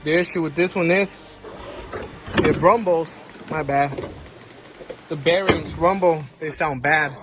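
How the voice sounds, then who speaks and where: Man, mechanic, casual repair vlog, slightly high pitch, explaining parts and prices. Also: a little slow, pauses often, over music. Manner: plain, informal walk-through explaining parts and prices.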